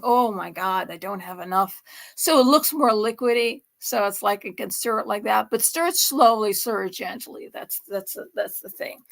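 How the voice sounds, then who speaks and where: With a mid-range, slightly bright voice, the host of a home cooking show chats her way through a recipe. She digresses, wanders off topic, and corrects herself, laughing as she goes.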